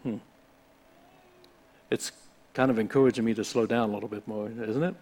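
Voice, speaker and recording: A man pastor giving an informal sermon in a chatty, rambling way, slowing down to read scripture. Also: fairly low pitch, steady tone, darkish tone. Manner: conversational, rambling with restarts, reads scripture slowly.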